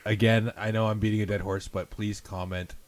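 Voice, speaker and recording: A young man hosting a podcast, chatting casually and jokingly, rambling and trailing off into low mumbles. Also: level tone, brisk, no echo. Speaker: podcast host. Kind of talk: casual chat.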